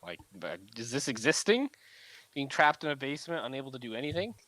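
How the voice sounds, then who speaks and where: A man's voice: mid-range voice, very animated, a little fast, bright, forceful tone, low-quality recording. A man playing a tabletop game, chatty and playful, slipping into in-character banter. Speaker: player.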